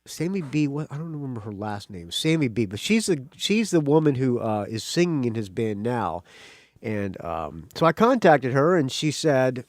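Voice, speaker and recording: A man hosting a rock podcast, talking in a rambling, excitable way with a slight country accent and swearing freely. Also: mid-range voice, normal speed, no room sound, clean studio sound. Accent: slight American country accent. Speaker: podcast host. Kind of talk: casual solo intro.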